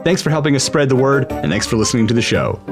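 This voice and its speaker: Lively man co-hosting a podcast. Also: mid-range voice, fast talker, over music. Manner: playful, laughs easily, reads show outro. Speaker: podcast co-host. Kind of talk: casual chat.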